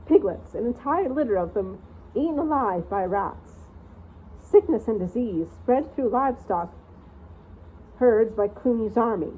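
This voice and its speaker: A woman voicing an ancient, forgetful male mouse who keeps records, speaking in a squeaky near-whisper and rambling like a doddering elder. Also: lively intonation, measured pace, mellow, husky. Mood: grave. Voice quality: squeaky voice barely above a whisper. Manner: doddering, rambling, peering over spectacles. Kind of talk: storybook reading. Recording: tinny phone-like sound, faint hiss.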